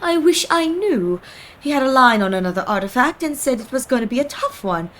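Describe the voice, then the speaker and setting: A woman's voice: sits high, big pitch swings, fairly quick, a bit bright, voice pushed up. Woman voicing a chatty young shopkeeper woman. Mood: friendly.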